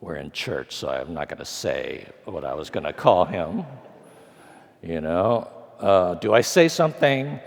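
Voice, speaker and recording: A Californian man in his sixties tells a story during a lecture, his low voice animated and unhurried with vocal fry. He uses wry, dry humor and acts out the dialogue, and the large hall gives the recording a long reverb.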